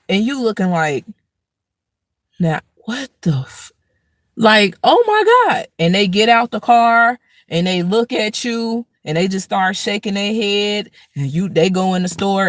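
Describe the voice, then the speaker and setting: A woman's voice: medium pitch, no room sound. A woman hosting a casual spiritual talk, telling everyday stories in a preachy way and acting out angry rants. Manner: preachy, storytelling with acted-out rants. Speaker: host.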